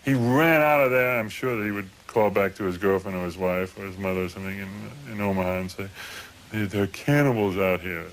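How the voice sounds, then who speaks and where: A former football player recalling stories in an interview, relaxed and rambling. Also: male voice, low-pitched, fast talker, hardly any pauses, slight background noise. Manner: relaxed, rambling, many fillers. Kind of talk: anecdotal storytelling interview.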